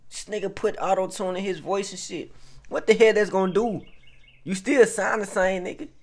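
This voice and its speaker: A man's voice: sits high, fairly even intonation, normal speed. A man hosting a reaction video, talking straight to his viewers in a rambling, profane, casual way, just woken up.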